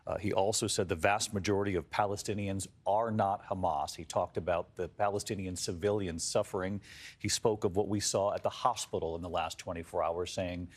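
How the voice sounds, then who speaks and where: A male news anchor giving measured live commentary, summarizing events. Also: sits low, fairly even intonation.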